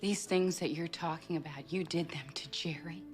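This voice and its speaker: A woman playing a shaken, hushed young woman. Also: low-pitched, moderate pace, close to an everyday voice. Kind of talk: film dialogue. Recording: film clip with music underneath.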